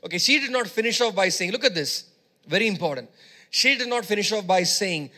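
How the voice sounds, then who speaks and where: A man's voice: sits high, animated, brisk, sharp tone. A male preacher giving a sermon, emphatic, repeating phrases and urging his congregation on.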